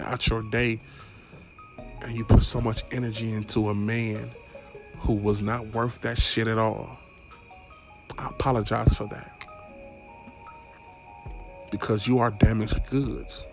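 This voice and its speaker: Young male podcast host, low flat delivery, rambling, cursing, faint music underneath. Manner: rambling, stumbling over words, swearing. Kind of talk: casual solo podcast monologue.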